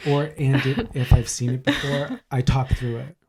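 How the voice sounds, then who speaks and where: Podcast co-host, male, gravelly mellow voice, sarcastic rants. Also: mid-range voice, moderate pace. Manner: ranting, sarcastic, animated. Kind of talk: casual comedic chat.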